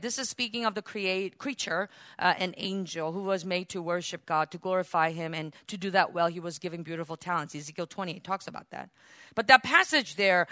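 A woman preacher teaches scripture with animated energy, often turning questions on her listeners. Her voice is bright and forceful, and the recording is dry and close, with no room echo. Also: medium pitch, normal speed. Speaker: Bible teacher. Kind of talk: sermon-style Bible teaching.

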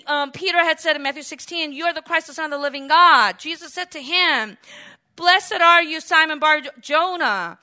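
A high-voiced woman delivers an animated sermon, acting out quotations and shifting between loud exclamations and quiet asides.

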